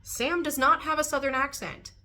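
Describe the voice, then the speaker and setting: In a book review vlog, a young woman with a high voice chats casually to the camera. She's lively, laughing frequently, and her pauses are filled with "um" and "like."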